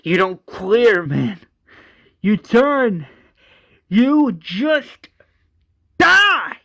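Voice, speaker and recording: A man's voice: medium pitch, fairly even intonation, extremely slow, warm tone. A man doing a raving, sobbing madman. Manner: screaming with cracking cries. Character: unhinged grieving man, screaming and sobbing.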